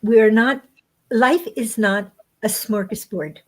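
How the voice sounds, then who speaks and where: A woman guest author giving a spiritual teaching talk in slow, measured phrases with frequent pauses. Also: fairly high pitch.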